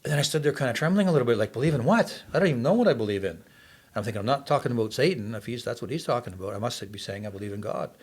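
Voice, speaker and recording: Fast-talking older man telling his story. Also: mid-range voice, breathy edge. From Canada. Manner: earnest, animated storyteller. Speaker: podcast guest. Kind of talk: testimony in casual interview.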